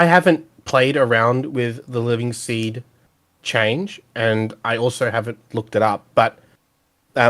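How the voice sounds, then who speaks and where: A man's voice: medium pitch, fairly bright tone. Upbeat, teasing man on a podcast. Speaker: podcast guest. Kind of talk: casual podcast chat.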